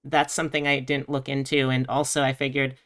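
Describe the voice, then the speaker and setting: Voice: mid-range voice, level tone, fairly quick, a bit bright. A live streamer chatting casually with viewers while playing a game, often laughing. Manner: chatty, giggly, talks to chat.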